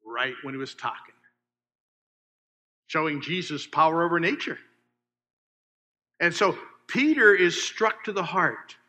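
Man, preacher, sermon, bright voice, fairly high pitch, long hall reverb. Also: animated, measured pace, pauses often. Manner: swings from loud emphasis to hushed, asks the congregation questions.

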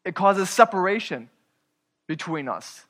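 A man preaching a sermon as pastor, earnest, moving between loud emphasis and quiet, hushed asides. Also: high voice, sing-song, unhurried, big-room sound.

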